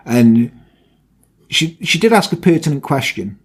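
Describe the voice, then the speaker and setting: Chatty, joking man, fairly high voice. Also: very animated, a little slow, slightly rough. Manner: chatty, jokey and self-mocking. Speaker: podcast co-host. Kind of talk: casual podcast chat.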